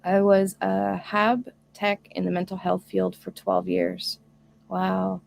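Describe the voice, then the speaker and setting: Chatty woman with a gravelly voice. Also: medium pitch, little pitch movement, takes it slowly, darkish tone. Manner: earnest, chatty, reads viewer comments aloud. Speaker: homestead live stream host. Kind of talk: casual live stream chat.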